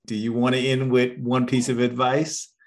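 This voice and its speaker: A man co-hosting an interview, asking a closing question gently and with some hesitation. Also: mid-range voice, flat delivery, moderate pace. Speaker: podcast co-host.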